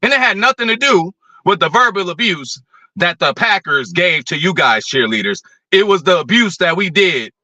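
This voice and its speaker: A man hosting a show, ranting about football in a blunt, profane, animated way. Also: high-pitched, no room sound. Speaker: podcast host. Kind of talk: casual opinion rant.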